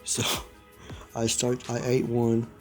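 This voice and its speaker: A man's voice: mid-range voice, monotone, slow pace, darkish tone, faint music behind. A young man telling a rambling story in a casual vlog, laughing often and saying "dude" a lot. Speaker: vlogger.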